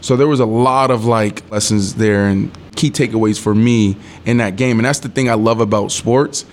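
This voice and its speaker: Animated man telling a sports story. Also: on the low side, normal speed, a little hiss or hum. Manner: animated storyteller who acts out quotes, swears, laughs. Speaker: former NFL wide receiver, guest. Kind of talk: casual storytelling interview.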